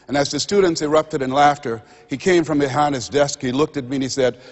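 A man's voice: on the high side, fast talker, hardly any pauses. A man giving a motivational seminar speech to a live audience, dramatic and preacher-like, acting out the voices in his stories. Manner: dramatic, acts out quoted voices, preacher-like build-ups. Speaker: motivational speaker. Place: stage in a large hall with a live audience. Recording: lo-fi recording in a large reverberant hall.

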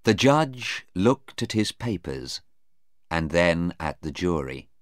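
Man, storybook narrator, very slow, swooping pitch, dry close sound. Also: no room sound. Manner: slow, careful reading with lively pitch. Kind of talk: scripted narration of a graded reader.

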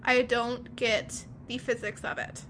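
A woman's voice: fairly high pitch, level tone, a little slow, background noise. A young woman in casual chat, laughing often and filling her talk with likes. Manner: chatty, laughing, many likes and fillers. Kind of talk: casual chat recapping a fan fiction.

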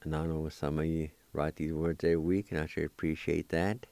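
A man hosting a radio language lesson, spelling and pronouncing Cherokee words slowly and repeating each one for listeners to write down. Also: a bass voice, little pitch movement, gravelly, mellow, no room sound. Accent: Oklahoma Cherokee.

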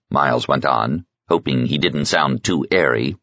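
A man narrating an audiobook in an expressive storytelling manner. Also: rumbling low, moderate pace, hardly any pauses, dry recording. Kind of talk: scripted narration. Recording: slightly muffled sound.

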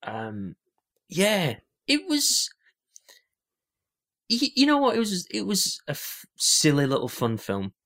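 A man's voice: sits high, wildly swooping pitch, slow, long pauses, a bit bright. A young man co-hosting a podcast in casual chat, rambling with lots of fillers and restarts. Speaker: podcast co-host.

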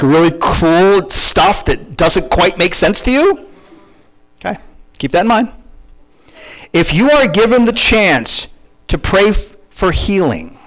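A middle-aged male pastor delivers a conversational sermon with a fairly high voice. His pitch rises and falls a lot as he talks. He keeps putting questions to his listeners. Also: low-quality recording. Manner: animated, conversational preaching with questions to the congregation.

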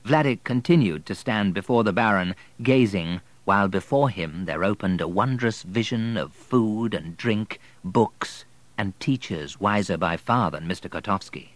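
A man with a lowish voice narrates an audiobook in an expressive, measured storytelling style. The audio has no echo but is of poor quality.

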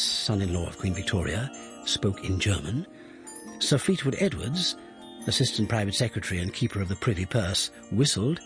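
A man reading aloud a letter as a formal Victorian royal secretary, measured and precise. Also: lowish voice, natural voice.

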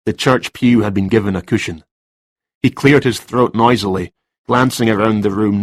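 A low-voiced man reads a story in a measured, even way. The sound is close and dry, with no room around it. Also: no room sound. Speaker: narrator. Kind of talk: scripted story narration.

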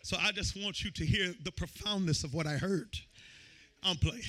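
A man preaching a sermon to his congregation in a fervent, repetitive call-and-response style, sometimes rising to shouts and sometimes dropping low and quiet. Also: normal speed.

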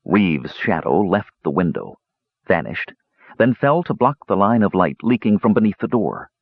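Male audiobook narrator, low husky voice, lively pitch, dull dry recording. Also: no echo. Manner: measured storytelling, lively pitch. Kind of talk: scripted fantasy narration.

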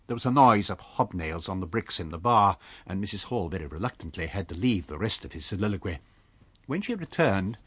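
A man reads a classic novel aloud in a measured, expressive way. His voice is lowish and breathy-husky, and his pitch moves through a very wide range. The recording is close and dry. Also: no echo. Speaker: audiobook narrator. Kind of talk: scripted narration of a classic novel.

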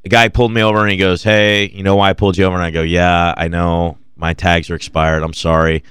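A man's voice: low-pitched, little pitch movement, fast, fairly bright tone, clean tone, dry recording, studio quality. A man co-hosting a radio show, telling casual stories full of quoted dialogue and laughter. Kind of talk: casual storytelling chat.

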